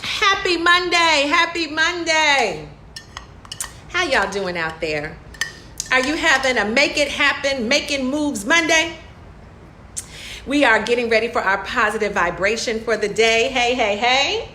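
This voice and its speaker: A hoarse woman hosting an upbeat motivational live stream, greeting viewers by name and laughing often. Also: on the high side, expressive, a little slow, pushed and bright, a little hiss or hum. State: hoarse, losing her voice. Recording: echoey room.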